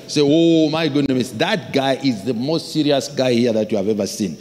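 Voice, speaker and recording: A man preaching a sermon as a pastor, telling stories with acted-out voices and sudden shouts. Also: medium pitch, fairly quick. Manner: animated storytelling, acts out voices, shouts for emphasis. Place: large church hall. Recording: long hall reverb.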